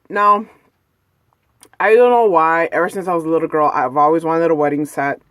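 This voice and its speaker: A woman's voice: low voice, fairly even intonation, normal speed, fairly bright tone, no echo, studio quality. A woman vlogging from home, telling a personal story in a chatty, rambling way full of "like" and "you know". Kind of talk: casual personal storytelling vlog. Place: at home, indoors.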